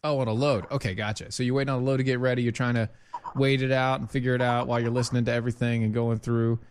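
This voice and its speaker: A man's voice: mid-range voice, level tone, very fast, clear, resonant tone. A man hosting a call-in show, chatting casually and joking with frequent fillers and restarts.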